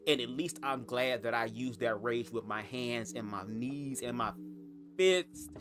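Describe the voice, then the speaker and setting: A man's voice: measured pace, noisy background. A young man telling a personal story to camera in a casual, sassy, profane way. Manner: profane, sassy, emphatic with big pitch swings. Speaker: storytime vlogger.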